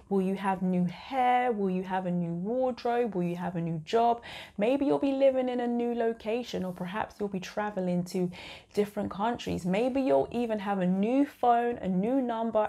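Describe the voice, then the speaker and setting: A young woman giving encouraging self-care advice straight to her viewers in a soft, coaching way. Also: mid-range voice, vocal fry. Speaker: self-improvement vlogger. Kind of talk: encouraging advice talk to camera.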